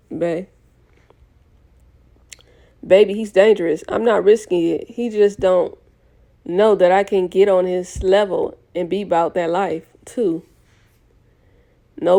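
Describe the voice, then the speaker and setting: A woman's voice: medium pitch, mellow. A young woman reading a novel aloud in a casual way, often correcting herself and restarting lines. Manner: reads with frequent self-corrections and restarts. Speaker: audiobook reader.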